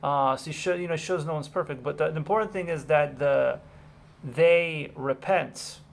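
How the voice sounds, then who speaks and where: A man's voice: on the high side, normal speed, gravelly, slight background noise. A man reading a Bible passage and then talking about it in a loose, casual way, full of fillers and restarts. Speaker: Bible commentator.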